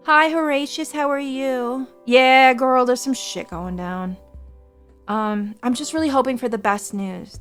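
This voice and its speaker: A young woman streaming, chatting casually with her viewers in an anxious, rambling way, often repeating herself. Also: fairly high pitch. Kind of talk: casual livestream chat.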